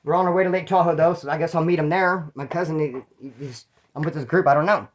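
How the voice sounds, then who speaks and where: A man's voice: a little high, steady tone, quick pace. A man hosting his own channel, telling prison stories in a rambling, profane, streetwise way. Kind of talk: casual first-person storytelling.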